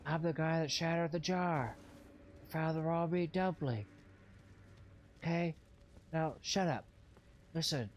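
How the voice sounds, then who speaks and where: A man voicing a swaggering tough guy who bosses someone around in a slow, pushy way. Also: fairly high pitch, a little hiss or hum. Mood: bossy.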